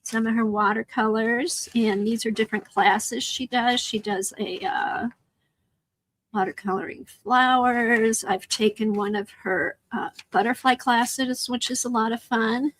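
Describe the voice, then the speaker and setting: A woman's voice: a little high, steady tone, unhurried, a bit bright, poor audio. A middle-aged woman from Chicago with a Midwestern accent, chatting casually with her viewers during a live art stream and answering their comments. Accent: American Midwest. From Chicago, USA. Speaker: livestream art host. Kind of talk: casual chat while crafting.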